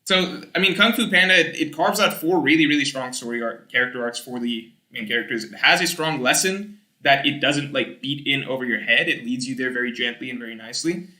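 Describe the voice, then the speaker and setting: A young man streaming, reading chat aloud and rambling in casual, animated talk with some swearing. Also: medium pitch, fairly quick, few pauses, echoey room.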